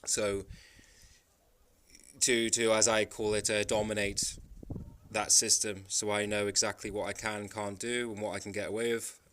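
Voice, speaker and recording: Slight background noise accompanies this low-ish, slightly bright voice that barely moves in pitch and keeps a normal speed. The Manx travel vlogger rambles emphatically through his stories in a casual monologue, often starting over.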